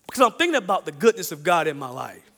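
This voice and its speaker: High, bright-voiced man preaching. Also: quick pace, creaky, big-room sound. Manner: animated storytelling, repeats phrases, chuckles. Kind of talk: sermon with personal story.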